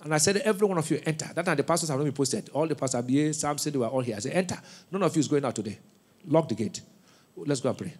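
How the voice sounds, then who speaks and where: Nigerian pastor preaching with shouted bursts. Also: male voice, fairly high pitch, lively intonation, racing, husky. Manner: shouting bursts, call-and-response, laughing asides. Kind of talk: sermon. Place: church.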